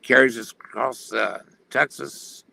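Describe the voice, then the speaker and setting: Man, gravelly, bright edge, earnest testimony, plain-spoken, video call. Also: medium pitch, measured pace, slight background noise. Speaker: guest telling his testimony.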